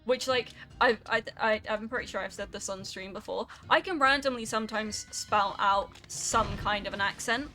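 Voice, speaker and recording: A woman's voice: mid-range voice, moderate pace, hardly any pauses, sharp tone, faint music behind. A young woman, chatting casually and swearing now and then while she streams a video game. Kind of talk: casual rambling while gaming.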